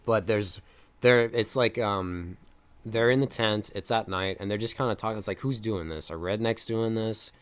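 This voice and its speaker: A young man co-hosts a film review podcast, speaking at a normal speed in a lowish voice with a clean tone. He casually chats through scenes, rambling with many fillers and acting out lines.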